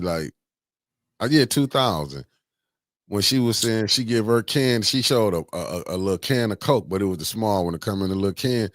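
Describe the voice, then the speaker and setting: A man's voice: on the low side, no room sound, studio quality. A man co-hosting a casual live-stream chat, colloquial and laid-back, chuckling often. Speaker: co-host.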